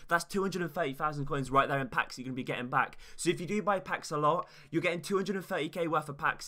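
A young man giving casual, chatty gaming commentary, talking straight to his viewers in an excited way. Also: fairly high pitch. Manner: fast, chatty, hyped, talks straight to viewers. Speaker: gaming YouTuber.

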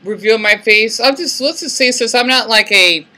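A man in his late twenties with an American accent and a squeaky voice, talking in a soft-spoken, hesitant way with many fillers and restarts into a laptop mic in a casual vlog. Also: moderate pace. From United States. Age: late 20s. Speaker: vlogger. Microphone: laptop built-in mic.

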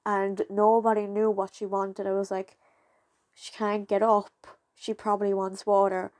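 Young woman vlogging, halting and rambling. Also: medium pitch, level tone, a little mellow, dry recording. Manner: rambling, halting, with many fillers and restarts. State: fighting back tears. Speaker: channel creator. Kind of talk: casual vlog talk to viewers.

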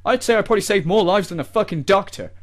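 A man's voice: sits high, expressive, fast talker. A man doing a parody rant as a smug, whiny male gamer YouTuber who sneers and swears at his fans.

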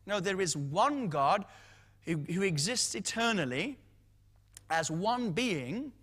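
High-voiced preacher in a reverberant hall. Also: male voice, animated, slow pace, a bit bright, breathy edge. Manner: emphatic, repeats key phrases for stress. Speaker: Bible teacher. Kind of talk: teaching sermon.

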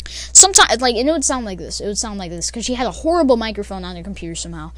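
A woman's voice: mid-range voice, sing-song, quick pace, fairly bright tone, dry recording. A young woman telling a casual storytime, rambling with many fillers and laughs. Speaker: vlogger.

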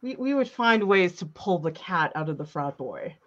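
A woman's voice: on the low side, animated, normal speed, highs cut off. A woman art teacher chatting casually and playfully during an art demo, teasing her co-host.

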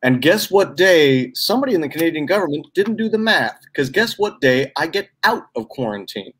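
A man from Chicago tells stories over a video call with comic timing and lively delivery. His voice sits a little higher than most men's. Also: brisk, slightly rough. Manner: comic, animated storyteller. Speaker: guest. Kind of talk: casual video-call chat, storytelling.

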